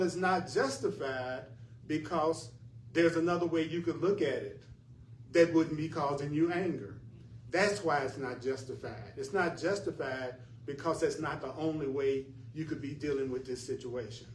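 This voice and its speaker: A man's voice: fairly high pitch, a little mellow, slight background noise. A man teaching a spiritual class in an earnest, emphatic way, often repeating his points. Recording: echoey room from far off, faint ambience.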